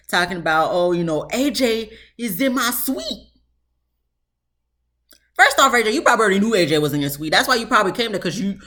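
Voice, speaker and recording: Chatty animated woman reviewer. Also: mid-range voice. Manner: chatty, animated, lots of "you know" fillers. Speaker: TV show reviewer. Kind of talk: casual review commentary.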